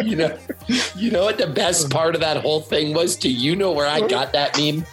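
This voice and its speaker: A man's voice: fairly high pitch, normal speed, fairly bright tone, faint music behind. A man hosting a podcast, teasing his co-host and often tripping over his words. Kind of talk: casual chat.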